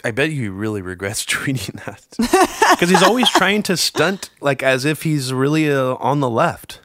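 A man co-hosting a casual political talk show, rambling and swearing, his voice jumping up in pitch when he gets worked up. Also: big pitch swings, unhurried, a bit bright, no echo, studio quality. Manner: rambling, swears, many fillers and restarts, pitch jumps up when agitated. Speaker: podcast co-host.

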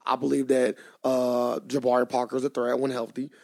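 A man's voice: mid-range voice, monotone, normal speed, vocal fry, darkish tone, no room sound, studio quality. A man co-hosting a podcast in casual chat, joking and loose, often trailing off and restarting. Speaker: podcast co-host.

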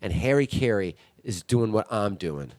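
A man chatting as a podcast guest, rambling and swearing as he reminisces. His voice sits a bit low and the recording is dry and close-miked. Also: expressive, normal speed, darkish tone, no echo. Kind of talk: casual chat.

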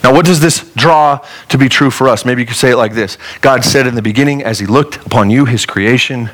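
A man's voice: medium pitch, a little fast, few pauses, a bit bright, rough recording. A male pastor preaching a sermon in a conversational way, with joking asides.

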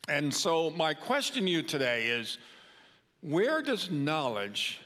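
A man's voice: fairly high pitch, big pitch swings, takes it slowly, fairly bright tone. Older man preaching in a reverberant church. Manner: conversational, with fillers. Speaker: guest preacher. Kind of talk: sermon. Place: church sanctuary. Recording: long hall reverb.

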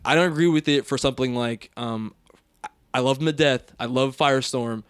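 A man's voice: medium pitch, a little fast, smooth, no echo. A man hosting a podcast, reading listener reviews and chatting casually with frequent laughter. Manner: laughs often, reads listener reviews aloud. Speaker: podcast host.

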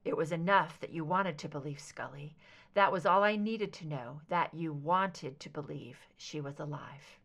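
A woman voicing a troubled, guilt-ridden grown man in an audiobook reading, speaking in a low, halting way. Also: fairly bright tone. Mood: shaken.

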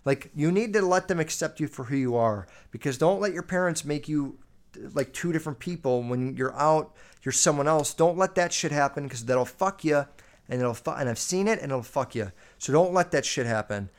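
Twenty-something guy doing a solo podcast, kinda high voice, swears constantly, rambles w/ lots of likes and ums. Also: lively intonation, normal speed. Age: 20s. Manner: blunt, heavy swearing, rambling with many fillers. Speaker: podcast host. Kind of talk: casual solo podcast rant.

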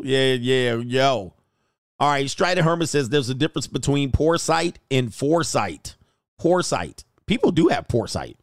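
A man with a rough, gravelly voice riffs through casual reaction commentary, slangy and full of loud exclamations. His pitch leaps and dips constantly as he talks. He sounds close and dry, with no room around him. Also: no echo. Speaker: YouTube commentator.

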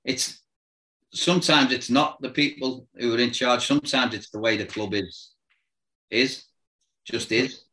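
A former football manager telling lively anecdotes in casual chat, acting out voices and noises and laughing often. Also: male voice, medium pitch, a little slow, long pauses, poor audio.

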